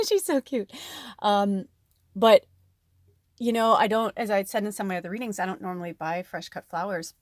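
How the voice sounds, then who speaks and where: A woman giving a casual spiritual reading to her viewers, chatty and animated, swearing now and then. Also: medium pitch, normal speed, no room sound, studio quality. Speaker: spiritual reader.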